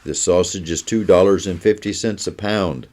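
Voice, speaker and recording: A calm, matter-of-fact shopkeeper from a children's story, voiced by a man reading aloud. His voice is very low and dark. He states each price plainly and evenly. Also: moderate pace.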